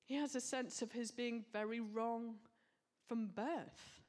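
A woman's voice: a little high, fairly even intonation, takes it slowly, a little mellow. A woman preaching a sermon, earnest and reflective, with casual asides.

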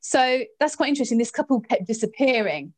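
Animated woman telling a spooky tale. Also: a little fast. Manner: lively, expressive, jumps in pitch when recounting drama. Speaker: guest storyteller.

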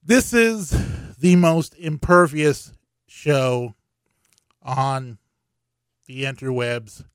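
A man's voice: medium pitch, fairly even intonation, very slow, clean tone, dry recording, clean studio sound. A man hosting a podcast alone, talking in a casual, rambling way with many fillers and restarts, getting worked up as he tells a story. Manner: gets worked up while telling an annoying story. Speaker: podcast host.

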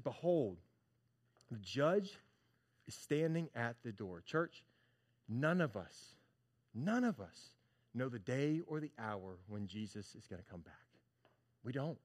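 A pastor delivering a sermon, his voice sitting a touch high for a man. He talks to the congregation like friends, then drops to a hush or climbs into loud, animated bursts. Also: a little slow, pauses often. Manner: animated preaching, swings from hushed to loud; conversational, addresses congregation as church and y'all.

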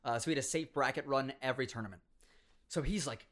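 Animated young man spinning gamer stories. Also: mid-range voice, quick pace. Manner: animated, laughs often, acts out quotes. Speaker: competitive gamer telling stories. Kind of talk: casual storytelling chat.

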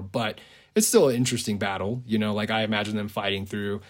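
A man's voice: on the low side, fairly even intonation, fast. A man casually retelling a movie idea on a podcast, rambling with lots of "like" and frequent chuckles. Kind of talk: casual storytelling.

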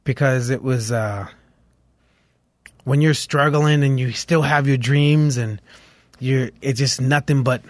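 A man's voice: medium pitch, steady tone, slow, long pauses, dry recording. A man from Los Angeles, a musician guest, telling stories in a casual interview, with lots of fillers and restarts. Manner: rambling storytelling with many fillers.

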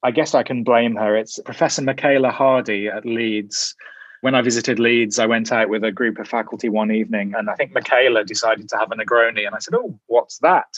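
A man guest talking in a relaxed, thoughtful way, musing aloud and hedging with "sort of". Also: on the low side, a little fast, no echo, dull audio. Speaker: guest, journal editor. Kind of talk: casual interview chat.

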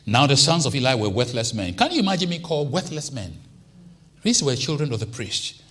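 Animated pastor preaching. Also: male voice, medium pitch, fairly quick. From Nigeria. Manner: animated preaching with sudden swings from hushed to loud. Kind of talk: sermon.

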